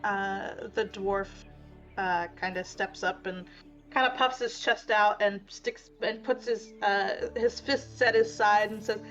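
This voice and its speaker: A woman game master describes the scene in a slow, meandering way, pausing often to find her words. Her voice is mid-pitched and a little dull and lo-fi, with faint music underneath. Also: fairly even intonation, fairly bright tone. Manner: unhurried, full of fillers. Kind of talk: narrating a tabletop game.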